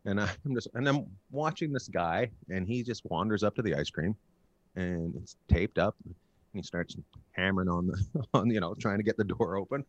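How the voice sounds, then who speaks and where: A man guest on a podcast, telling road stories in a casual, animated way and acting out quotes loudly. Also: deep voice, moderate pace, no echo, highs cut off. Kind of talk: casual storytelling.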